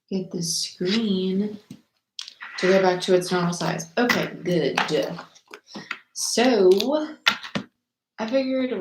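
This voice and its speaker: A woman's voice: mid-range voice, darkish tone, roomy sound, a little hiss or hum, low-quality recording. A young woman chatting casually with viewers during a tarot livestream, bubbly and rambling, her voice a little worn as if she is losing it.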